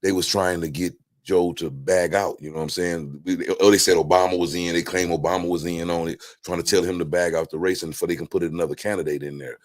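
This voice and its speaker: A man's voice: sits low, fast, hardly any pauses. A man chatting casually about politics on a talk show, rambling with many restarts and fillers. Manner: animated storytelling. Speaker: guest.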